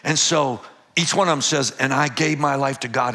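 An older man, a pastor, telling a lively personal story and acting out the dialogue with laughs. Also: medium pitch, moderate pace. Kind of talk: storytelling testimony.

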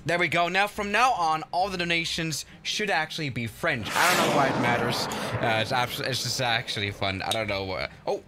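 A young man hosting a live flight-sim stream, chatting casually and excitably with many restarts. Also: fairly high pitch, normal speed, noisy background.

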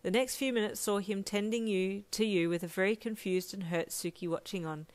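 A woman reading her own fan fiction aloud, narrating in second person in a steady, plain manner. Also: medium pitch, fairly quick.

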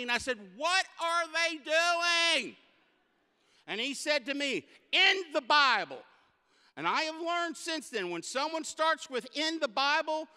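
Male guest preacher, comic storyteller, high bright tone, long hall reverb. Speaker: guest speaker. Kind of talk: humorous sermon storytelling. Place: church sanctuary.

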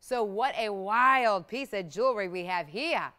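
A woman hosting live jewelry sales, talking in fast, excited hard-sell patter. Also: mid-range voice. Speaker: shopping channel host.

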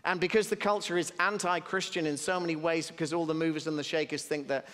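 A British man in his fifties preaches a sermon, mixing scripture with light, joking asides. His voice sits a little high for a man. It carries on a stage mic with a long reverb trailing through a large church hall. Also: fairly even intonation, fast talker, fairly bright tone. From Britain. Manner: conversational preaching with humorous asides. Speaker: pastor.

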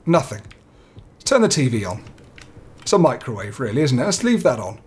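A man's voice: mid-range voice, big pitch swings, a little fast, long pauses, darkish tone. A young man playing a horror game, nervously talking himself through it and swearing now and then. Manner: jittery, talks himself through fear, swears. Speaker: let's play gamer.

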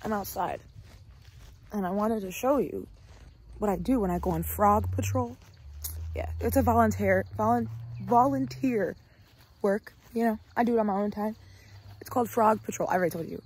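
Woman vlogger, casual and goofy, mid-pitched, slides into whispers, faint background hiss. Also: moderate pace, pauses often, darkish tone, rough recording. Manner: chatty and goofy, often dropping to a whisper. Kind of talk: casual vlog chat. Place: outdoors by a pond.

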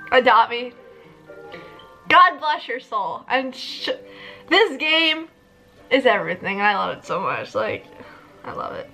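A young woman vlogger giving excitable, casual commentary over gameplay, often squealing and laughing. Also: a little high, a little slow, long pauses, soft background music, poor audio. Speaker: gaming vlogger.

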